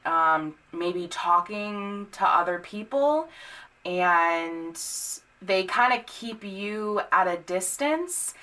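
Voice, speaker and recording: A young woman talks through a tarot reading in a loose, conversational way, full of ums and restarts. Her voice is bright and clear, and she gets blunt and sweary when something bothers her. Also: on the low side, lively intonation, drawn-out words. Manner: chatty, many fillers, blunt and swearing when annoyed. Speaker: tarot reader. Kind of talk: casual tarot reading to camera.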